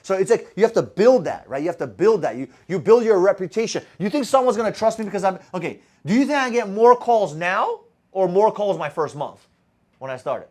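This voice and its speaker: A man's voice: sits high, expressive, a little fast, darkish tone. A man coaching a live group on sales, blunt and profane, constantly firing rhetorical questions at his audience. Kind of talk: motivational talk to a live group.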